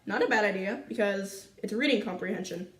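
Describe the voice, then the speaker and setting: A teenage girl from Canada telling a school story to her viewers in a chatty, animated way full of fillers. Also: mid-range voice, brisk, roomy sound, recorded from a distance. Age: teens. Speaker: vlogger. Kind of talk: casual storytime chat.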